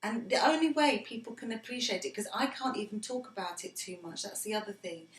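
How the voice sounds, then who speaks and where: In a roomy recording with faint background noise, a middle-aged woman tells her grown son, the interviewer, personal stories with earnest feeling. Her mid-range voice is brisk with lively intonation, and she often falls to a near whisper.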